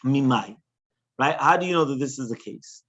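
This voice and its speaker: A man, a rabbi, teaching a Talmud class in an animated way, often checking in with questions. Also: medium pitch, normal speed. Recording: dull lo-fi recording.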